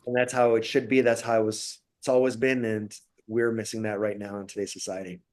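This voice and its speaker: A man who lectures at a university, a podcast guest telling stories with lively, acted-out asides. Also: fairly low pitch, fairly quick. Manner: animated storyteller, acts out quotes. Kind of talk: casual interview.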